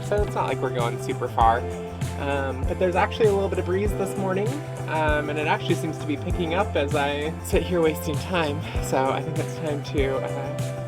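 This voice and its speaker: A woman narrating a casual outdoor vlog in a chatty, upbeat, self-deprecating way, talking into a handheld camera. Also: sits low. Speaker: solo sailor vlogger. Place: outdoors, on a sailboat and hiking trail.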